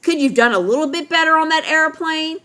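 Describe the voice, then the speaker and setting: A woman's voice: high voice, fairly quick, fairly bright tone. A woman ranting straight to her viewers, emphatic and lecturing, driving points home by repeating them. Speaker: vlogger addressing viewers. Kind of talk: direct-to-camera rant.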